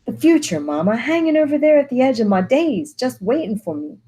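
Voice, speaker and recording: A woman's voice: a little high, very animated, a little fast, warm tone, husky, voice pushed up. Walter, a restless frustrated young man, read by a woman. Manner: agitated, impatient outbursts.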